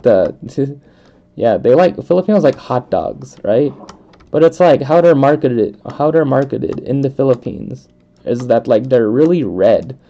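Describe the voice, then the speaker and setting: A young American let's play host chats casually while gaming, rambling with lots of fillers and frequent laughs. His medium-pitched voice is gravelly and mellow, recorded on a dull lo-fi mic.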